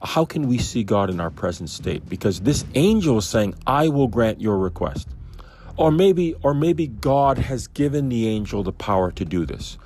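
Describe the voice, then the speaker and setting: A man's voice: medium pitch, big pitch swings, moderate pace, hardly any pauses, mellow, slight background noise. A man giving a casual Bible commentary, musing and thinking aloud as he questions himself. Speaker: Bible study teacher.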